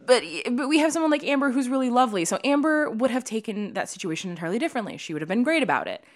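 A woman co-hosting a podcast, chatting casually about a movie, animated and swearing, with lots of "like" fillers. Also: fairly high pitch, racing. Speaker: podcast co-host. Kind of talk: casual chat reviewing a movie.

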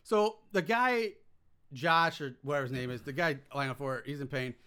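A man's voice: on the high side, moderate pace, pushed and bright, clear, resonant tone. A man in casual chat, griping emphatically about a movie and repeating his point. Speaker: podcast co-host.

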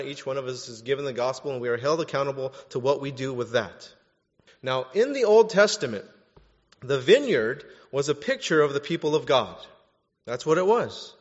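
A male pastor giving a sermon in a conversational, animated style, with casual fillers. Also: mid-range voice. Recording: dull audio with long reverb in a hall.

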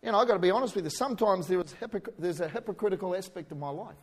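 A man from New Zealand with a New Zealand accent, preaching a sermon in a conversational way with joking asides and shouted emphasis. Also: high voice, rapid-fire. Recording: hall reverb.

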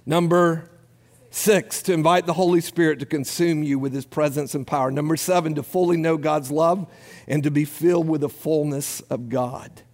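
Pastor guy preaching, kinda high voice, long church echo. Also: steady tone. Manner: preaching with rising emphasis and a quiet, slowed close. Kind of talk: sermon. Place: church sanctuary. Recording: long hall reverb.

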